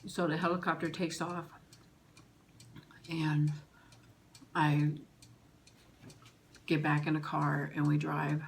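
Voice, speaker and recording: A middle-aged woman vlogger telling a personal story in an emotional, halting way, with pauses and restarts. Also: deep voice, monotone, vocal fry, a little hiss or hum.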